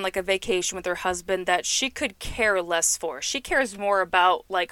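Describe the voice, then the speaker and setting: A woman's voice: medium pitch, clean tone, no echo. A woman talking casually and chattily about movies as a solo commentator. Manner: chatty, animated, laughs often. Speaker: film commentator.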